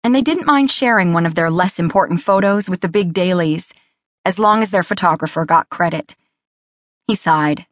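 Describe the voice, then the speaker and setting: A woman narrating a romance audiobook in a steady, measured way. Her voice is lowish and the studio sound is bone dry. She is close on the mic with nothing behind her. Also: no room sound. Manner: even, measured storytelling.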